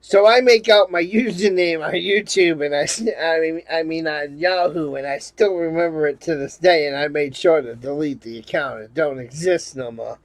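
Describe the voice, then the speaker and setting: Rambling profane man, slightly high voice. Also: normal speed, hardly any pauses. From Rhode Island, USA. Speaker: vlogger. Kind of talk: casual storytelling monologue.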